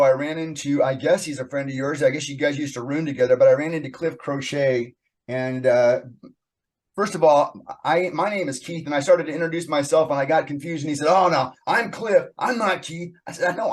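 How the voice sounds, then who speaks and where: A man hosting a podcast, chatting in a casual, friendly way and laughing easily. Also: on the high side. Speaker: podcast host. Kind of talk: casual interview chat.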